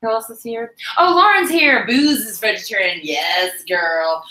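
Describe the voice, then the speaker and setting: A woman's voice: a little high, measured pace, pushed and bright. A young woman hosting a casual livestream chat at home, bubbly and scatterbrained, laughing often. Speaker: livestream host. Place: home room while cleaning tack. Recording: echoey room.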